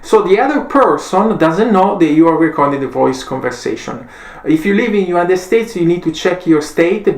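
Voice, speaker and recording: Man with an Italian accent, halting. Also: high voice. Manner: halting, frequent uh fillers, non-native grammar. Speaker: tech reviewer. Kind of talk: casual product demo.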